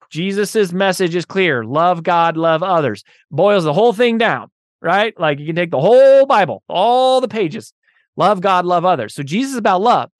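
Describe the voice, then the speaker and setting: Man, fairly high voice, dry close sound, casual Bible teaching, chatty fillers. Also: no room sound. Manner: conversational, many fillers like "right?" and "you know"; grows emphatic and louder when preaching about love. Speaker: Bible study host.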